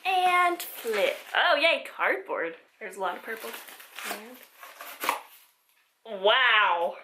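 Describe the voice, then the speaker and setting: A woman chatting casually as she unboxes a package at a table, excitable and giggly, talking to the items as she finds them. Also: a little high, slow pace, noisy background. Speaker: vlogger. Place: indoors at a table.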